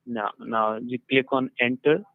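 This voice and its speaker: A man's voice: mid-range voice, steady tone, unhurried. A man on a phone call as a call-center agent, insistently repeating step-by-step instructions.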